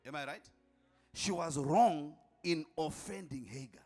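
A man preaches a sermon with a very lively, swooping voice. He calls out to the crowd, repeats phrases for weight and sometimes shouts, with faint music playing behind him. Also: fairly high pitch, measured pace, pauses often, breathy edge. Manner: emphatic, calls out to the congregation, repeats lines for effect, at times shouting. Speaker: apostle preaching.

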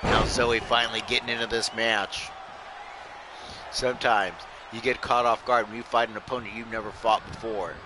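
A man's voice: lowish voice, flat delivery, normal speed, noisy background. Man calling game wrestling play-by-play. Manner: loose play-by-play, often addressing "folks", joking asides. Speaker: host and play-by-play commentator. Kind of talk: live-streamed video game wrestling commentary.

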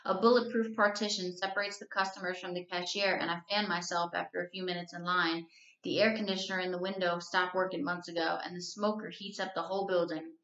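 A woman's voice: on the low side, little pitch movement, fairly quick, fairly bright tone. Woman reading a novel aloud. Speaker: teacher. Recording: roomy, slightly dull recording.

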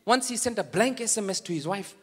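Stand-up, man, high voice, long hall reverb. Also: brisk, husky. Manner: animated, high-pitched storytelling with laughs. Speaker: stand-up comedian. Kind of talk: stand-up comedy routine.

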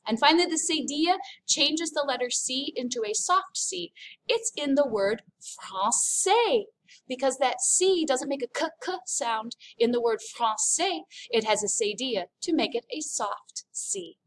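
An American woman teaching a recorded French lesson, upbeat and explaining slowly as she demonstrates sounds. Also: high voice, fairly bright tone. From United States.

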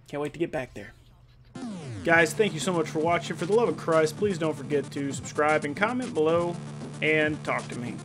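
A man giving casual, joking commentary while playing a video game, excitable and cursing freely. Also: a little high, normal speed. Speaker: gameplay video host. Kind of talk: casual let's-play commentary.

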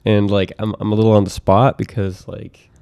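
A man's voice: lowish voice, level tone, normal speed, darkish tone, smooth, no echo, highs cut off. A young man in a casual podcast chat, laid-back and a bit hesitant, laughing between words. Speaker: podcast guest.

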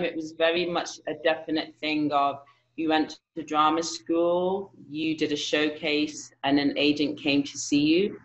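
A woman guest with a mixed English and American accent, telling stories about her acting career in a casual interview, animated and quick to laugh. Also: low voice, dull audio. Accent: mixed English and general American. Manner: animated, laughs often, acts out quotes. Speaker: actress, guest.

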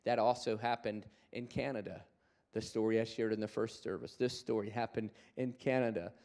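Animated preaching man. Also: on the low side, moderate pace. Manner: animated storytelling, acts out quoted voices; calls for congregation responses. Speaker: guest preacher. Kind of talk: sermon.

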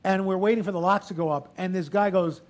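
A man in his sixties speaks in a high voice for a man, relaxed and chatty. He tells anecdotes to an audience, acting out the people he quotes, then shifts easily into business talk. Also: fast. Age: 60s. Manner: lively storyteller, acts out quotes. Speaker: guest speaker. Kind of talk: animated anecdotes on stage. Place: event hall with audience.

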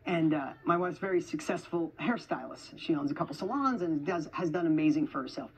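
A woman giving an energetic, emphatic motivational speech to an audience in an event hall, repeating phrases for effect. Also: deep voice, fairly quick, husky. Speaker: motivational speaker.

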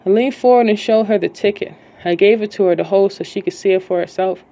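A woman reading her own novel aloud in a casual, halting way, stopping to correct herself when she stumbles. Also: medium pitch, mellow.

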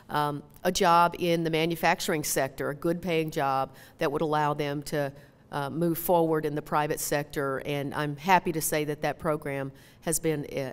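A woman with a Minnesotan twang speaks at a podium, her lowish voice smooth and clear. Her talk is folksy and earnest, full of small pauses and fillers, and it rings out with a long reverb through a big hall. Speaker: member of Congress. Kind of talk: town hall speech. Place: large hall. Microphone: podium mic.

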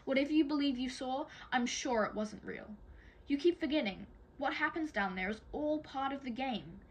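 A woman's voice: high-pitched, moderate pace, husky, voice pushed up, poor audio. Woman voicing headstrong younger sister, flirty, breezy, insistent, audiobook.

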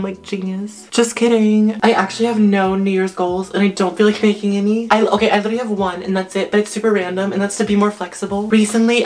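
Fast-talking teen girl vlogger, flat tone. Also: medium pitch. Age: teens. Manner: chatty, self-mocking, says "like" a lot. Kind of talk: casual vlog chat. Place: bedroom at home.

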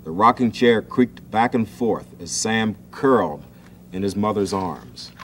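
Gentle man reading a children's story. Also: fairly low pitch, measured pace, slight background noise. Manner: gentle, expressive storytelling, acting out the family's voices. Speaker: children's TV host. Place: TV studio set.

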